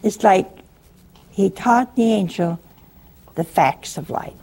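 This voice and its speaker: A woman's voice: mid-range voice, slow pace, dark tone. A woman preaching on scripture in a chatty, teasing way, acting out quotes and chuckling often. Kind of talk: humorous scripture teaching.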